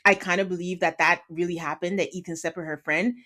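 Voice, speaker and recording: A woman's voice: lowish voice, fast. A woman hosting a podcast, chatting casually about a reality show and acting out what people said. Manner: chatty, acts out quotes with lively voices. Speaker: podcast host. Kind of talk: casual reality-TV recap chat.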